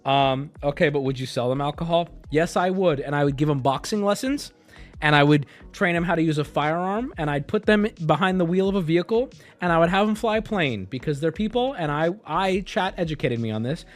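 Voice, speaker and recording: Animated, crude-joking male streamer. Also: fairly high pitch, brisk, soft background music. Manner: crude, joking, swings between loud rants and mumbles. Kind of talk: casual livestream commentary.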